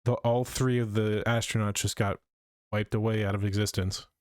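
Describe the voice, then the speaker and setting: Brief: male podcast co-host, lowish voice, halting casual recap, dry sound. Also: little pitch movement, darkish tone, dry recording. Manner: hesitant, acts out quoted lines. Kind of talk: casual chat.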